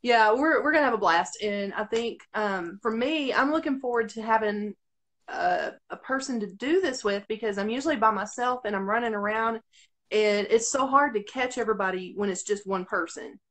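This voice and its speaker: A woman's voice: on the high side, normal speed, a bit bright. A woman from Arkansas with a Southern accent, a radio host chatting casually and giggling over a video call. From Arkansas, USA. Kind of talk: casual live-stream chat.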